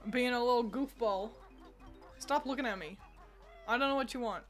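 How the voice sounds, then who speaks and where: A woman's voice: on the high side, moderate pace, faint music behind. A young woman streaming at home who chats playfully with her cat while gaming, cursing freely into a desk microphone. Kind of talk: casual gaming commentary.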